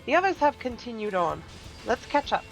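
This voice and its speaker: A woman's voice: fairly high pitch, big pitch swings, a little fast, creaky. A woman streaming a game, chatting casually, laughing often and reading game lines aloud. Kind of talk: casual gaming chat. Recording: dull lo-fi stream audio. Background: faint game music.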